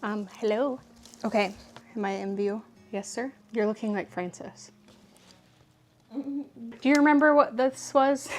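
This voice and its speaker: A woman antique dealer chatting casually to camera while she unboxes her finds, with frequent laughs and quick asides. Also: a little high, slight background noise. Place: home, indoors.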